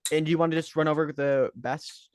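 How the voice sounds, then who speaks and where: A man's voice: fairly high pitch, fairly even intonation, fairly quick, clean tone, dry recording. A man co-hosting a casual podcast, bantering playfully and sharing enthusiastic opinions. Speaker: podcast co-host. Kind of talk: casual chat.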